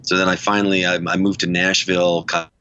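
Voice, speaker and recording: A man's voice: sits low, little pitch movement, brisk, sharp tone, smooth, muffled recording. A middle-aged man from the United States, a musician guest on a podcast, telling long, rambling stories and laughing often. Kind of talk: casual podcast interview.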